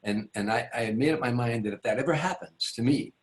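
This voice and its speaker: A man's voice: medium pitch, fast. A man, a stand-up comedian, telling a long show-business anecdote as an interview guest. He rambles, restarts his sentences and acts out the people in the story. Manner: rambling, with many restarts and asides.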